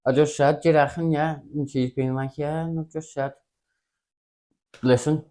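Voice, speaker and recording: A young man with a Scouse accent, telling a holiday story in a halting, laid-back way, repeating his words. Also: fairly high pitch, fairly even intonation, warm tone. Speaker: podcast co-host. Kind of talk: casual storytelling.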